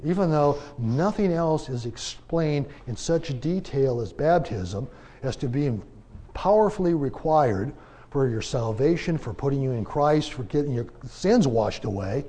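A man teaching a Bible class in a conversational preaching style, asking rhetorical questions and pressing his points with emphatic swings in loudness. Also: mid-range voice, animated, a little slow, breathy edge.

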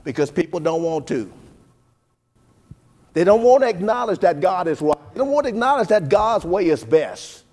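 High-pitched guy preaching, sing-songy, goes from quiet to loud, keeps saying folks. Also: sing-song, moderate pace. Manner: preaching cadence with sing-song rises and big swings in loudness; keeps addressing listeners as folks. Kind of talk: sermon.

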